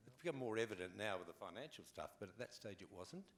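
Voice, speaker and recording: An older Australian man with a fairly low voice that swoops up and down as he spins wry stories. He talks as a guest on a convention panel and acts out his anecdotes with plenty of energy. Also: lively intonation, fast talker. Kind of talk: relaxed anecdotal storytelling.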